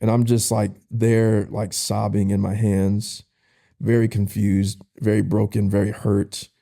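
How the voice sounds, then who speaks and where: A young man, a podcast guest, casually telling a personal story in an emotional, halting way with slang. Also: fairly low pitch, flat delivery, creaky, dark tone. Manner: casual, uses slang like "bro".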